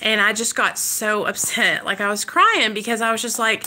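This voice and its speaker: A woman's voice: a little high, normal speed, crowd noise. A young woman and mother talking candidly to viewers in a live video, rambling with lots of "like" and "you know". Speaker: mother sharing her recovery in a live video. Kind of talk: candid casual live chat.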